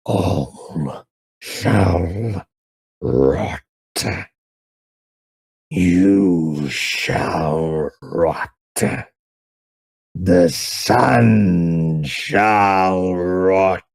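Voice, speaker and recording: A man voicing a cruel, gloating monster of rotting flesh, speaking in drawn-out, menacing tones. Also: low-pitched, gravelly, a little mellow, slightly rough, no room sound, voice pushed down, full character voice.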